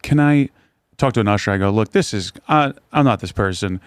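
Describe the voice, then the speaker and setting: A man's voice: on the low side, lively intonation, brisk, clear, resonant tone, no echo, clean studio sound. A man in a casual podcast chat, telling wry stories and acting out what he said in them.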